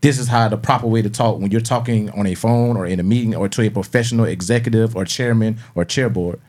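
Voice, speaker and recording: A man's voice: on the low side, fast talker, a little mellow. A man on a casual podcast, rambling through musing questions and cursing freely. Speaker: podcast co-host.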